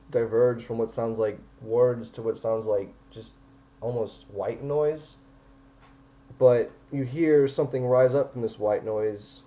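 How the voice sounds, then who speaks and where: Mellow-voiced man narrating as game master. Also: medium pitch, poor audio. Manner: easygoing, chatty narration with fillers and laughter.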